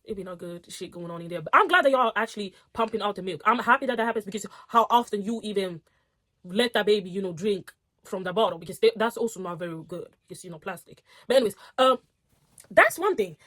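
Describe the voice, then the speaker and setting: A woman's voice: mid-range voice, animated, fast, fairly bright tone. A young woman reading online posts aloud and reacting in a casual, outspoken way, swearing and getting heated. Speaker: storytime reactor.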